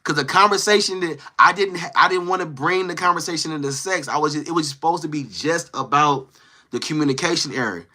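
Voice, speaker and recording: A man casually retelling a story from his live stream in animated, slangy talk, acting out what others said. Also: a little high, brisk.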